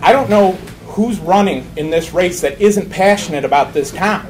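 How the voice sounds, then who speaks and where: A man's voice: sits high, normal speed. A man running for mayor, giving an impassioned, emphatic campaign speech. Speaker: mayoral candidate. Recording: noisy room recording.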